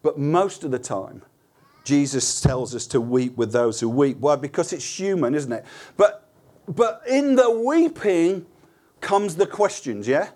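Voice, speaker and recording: A man's voice: on the high side, sing-song, unhurried, darkish tone. A man preaching a sermon in an earnest, conversational way, asking rhetorical questions and restarting words as he goes.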